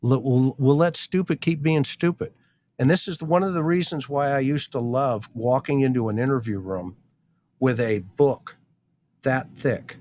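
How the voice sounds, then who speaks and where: A man's voice: medium pitch, moderate pace, a little mellow. Man, former detective, middle-aged, blunt, wry, storytelling, faint hiss behind. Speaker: retired detective guest. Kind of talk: storytelling in casual chat.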